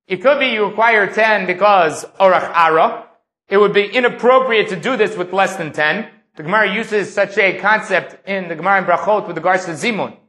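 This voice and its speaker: Bright, high-voiced man teaching Talmud. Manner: explanatory, reads Aramaic then translates. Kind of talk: Talmud lecture.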